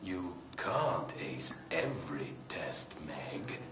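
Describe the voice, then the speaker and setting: A creepy coaxing game uncle. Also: male voice, sits low, sing-song, takes it slowly, full character voice. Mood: cooing. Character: creepy puppet-like uncle man talking to a child. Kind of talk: video game cutscene acting. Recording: roomy echo, game noise behind.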